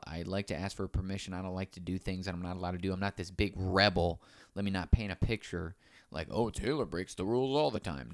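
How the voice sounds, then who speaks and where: A man's voice: low voice, smooth, dry recording, studio quality. A man co-hosting a casual podcast, swearing freely and acting out the people in his stories with sudden jumps in voice. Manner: profane, animated storytelling with mimicked voices. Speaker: podcast co-host. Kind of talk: casual chat.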